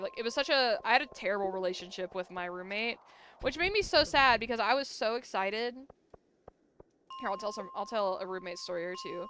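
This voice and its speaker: A young woman streams a farming game, chatting casually and telling college stories while saying "like" a lot and yawning between them. Her medium-pitched voice is fairly bright and moves at a moderate pace, with slight background noise.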